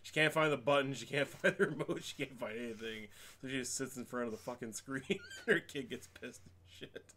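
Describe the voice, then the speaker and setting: A man with a bright, forceful voice at a middle pitch, riffing in loose, profane podcast banter. He leans hard on filler words and breaks into laughter between lines. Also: fairly quick. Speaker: podcast co-host. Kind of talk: casual crude chat.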